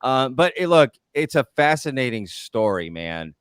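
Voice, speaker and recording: Male host, mid-pitched smooth voice, easygoing casual interviewer, close dry mic. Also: a little slow, no room sound. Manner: relaxed, hedging, frequent fillers.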